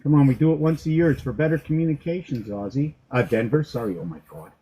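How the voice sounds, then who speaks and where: Mellow-voiced man coaxing a dog. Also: mid-range voice, quick pace, breathy edge, low-quality recording. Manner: soft, coaxing, joking to himself. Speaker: dog groomer. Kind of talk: rambling talk to a dog while grooming.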